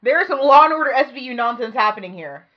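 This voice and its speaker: A woman's voice: high voice, animated, fast talker. Wry indignant woman cohost, casual chat, slightly muffled lo-fi. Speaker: podcast co-host.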